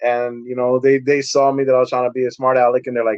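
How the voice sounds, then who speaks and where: A man's voice: mid-range voice, little pitch movement, a little fast, darkish tone, no room sound, highs cut off. A man, a pastor and podcast guest, telling his life story in a candid, streetwise way, acting out what people said. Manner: candid, streetwise, acts out quotes. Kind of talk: casual storytelling.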